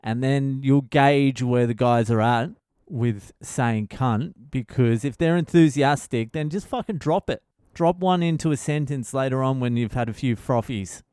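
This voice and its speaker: A man's voice: medium pitch, a little slow, darkish tone, clean tone, no echo, studio quality. An Australian comedian in his thirties hosting a podcast, crude and profane, joking and laughing as he talks. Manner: crude, profane, swears constantly; laughs at his own jokes. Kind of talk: casual comedic monologue.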